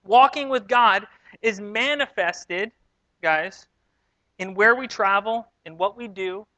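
Bright-voiced pastor preaching casually. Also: male voice, high-pitched, slow, dry recording, poor audio. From New York. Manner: conversational, self-deprecating storytelling. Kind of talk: sermon. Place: church sanctuary.

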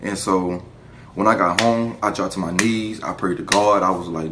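A young man telling a casual story to the camera, animated and profane, breaking into laughter. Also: low voice, normal speed, noisy background. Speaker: vlogger. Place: indoor room, seated before camera.

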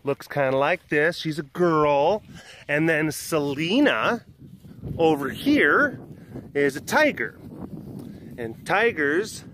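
Man, slightly high voice, animal keeper talking kids through questions, patient and simple, faint outdoor noise behind. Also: sharp tone. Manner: simple, patient, addresses each child by name. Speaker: big cat sanctuary keeper answering children's questions. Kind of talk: explaining to preschoolers.

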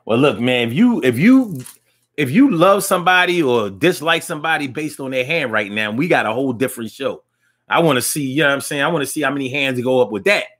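Slangy husky-voiced man hosting a call-in show. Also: medium pitch, quick pace. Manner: loose, slangy, animated reactions with repeats. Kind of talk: casual live show chat reading comments.

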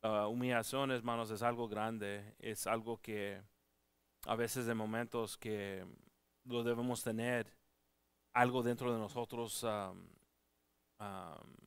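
A man preaching a church sermon in an earnest, halting way, often restarting his words. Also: fairly low pitch, clean tone, dry recording. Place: church service.

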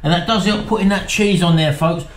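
A man's voice: sits high, fairly quick, roomy sound. A British man in a casual home cooking vlog, eating on camera and praising the dish in playful, theatrical terms. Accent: British English. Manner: playful, theatrical food praise, calls wife baby. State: eating while talking. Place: home kitchen. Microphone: camera on tripod.

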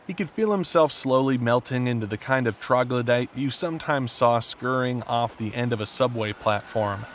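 A man narrating an audiobook in a steady, measured storytelling voice. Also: medium pitch, a little hiss or hum. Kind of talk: scripted narration.

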